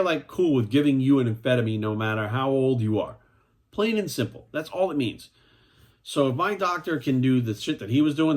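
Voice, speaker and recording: Profane, emphatic man in his forties. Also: medium pitch. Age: 40s. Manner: profane, emphatic, repeats "right?". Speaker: fitness coach. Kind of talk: blunt vlog rant.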